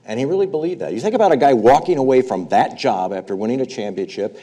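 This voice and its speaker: A man's voice: medium pitch, animated, fast talker, dark tone. A man interviewing a guest on stage, reflective as he leads him into each story.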